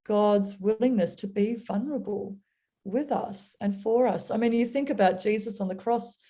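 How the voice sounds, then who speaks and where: A woman's voice: mid-range voice, moderate pace, dark tone. A woman speaking as a guest in a faith conversation, telling a story earnestly and acting out little voices as she goes.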